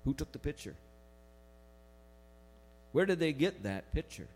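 A man's voice: fairly high pitch, very animated, darkish tone. Man preaching a conversational sermon. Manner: conversational preaching with emphatic slowed phrases. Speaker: pastor.

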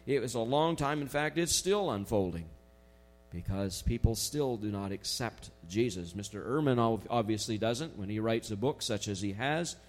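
A man preaching a sermon in a conversational way, slowing down to stress key phrases. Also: on the low side. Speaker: pastor.

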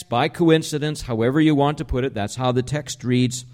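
A man preaching a sermon in a mid-pitched voice. He explains calmly and conversationally, and he slows to lean on single words for emphasis. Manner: slows down to stress key words. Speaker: pastor.

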